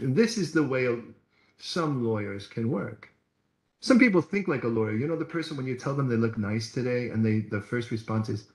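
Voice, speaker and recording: Animated preacher man in an echoey room. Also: mid-range voice. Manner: conversational, animated storytelling preacher. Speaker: pastor. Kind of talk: sermon. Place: church hall.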